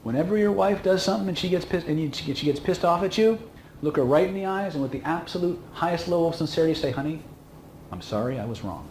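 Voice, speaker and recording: A man teaching a seminar in a casual, emphatic way, often pausing to check in with "okay?". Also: high-pitched, a little mellow. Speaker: instructor. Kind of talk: seminar lecture. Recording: echoey room with faint hum.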